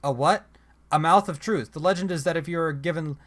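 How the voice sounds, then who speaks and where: A man with a slightly high, slightly fast, fairly bright voice hosts a let's play, reading a text adventure aloud casually. He keeps breaking off for chatty asides and corrections of himself.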